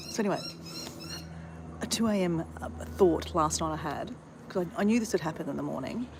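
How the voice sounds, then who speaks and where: A woman vlogger talking casually in a hushed whisper, outdoors in a front yard. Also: on the low side, expressive, normal speed, noisy background. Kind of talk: casual vlog chat.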